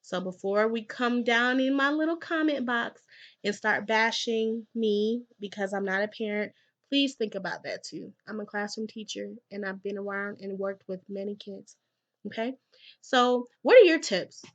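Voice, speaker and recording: A young adult woman, a classroom teacher, giving casual advice in a vlog, stressing points by repeating them and swinging between soft asides and loud urging. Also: mid-range voice, normal speed, dull audio.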